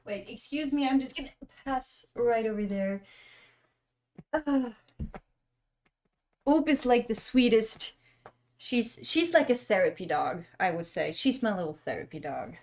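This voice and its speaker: A young woman hosting a cozy painting livestream, chatting gently, reading comments aloud and laughing often. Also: a little high, animated, unhurried, long pauses. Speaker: art stream host. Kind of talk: casual livestream chat while painting.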